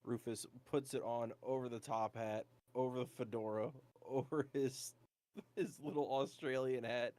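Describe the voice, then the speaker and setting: A man's voice: mid-range voice, fairly even intonation, moderate pace, a little mellow, no room sound. A man playing a tabletop game, jokey and laughing often. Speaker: player. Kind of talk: casual tabletop game play.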